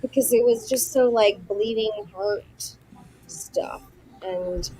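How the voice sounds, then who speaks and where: A woman's voice: medium pitch, slow, mellow, a little hiss or hum, rough recording. A woman co-hosting a casual book podcast, joking and teasing the others. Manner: playful, jokes and teases the others. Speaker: podcast co-host.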